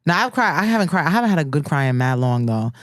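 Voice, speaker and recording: A woman talks with a candid, blunt, profane edge. Her voice sits a little low. The sound is dry and close to the mic. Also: big pitch swings, quick pace, no echo. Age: 30s. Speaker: podcast co-host. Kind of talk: casual chat.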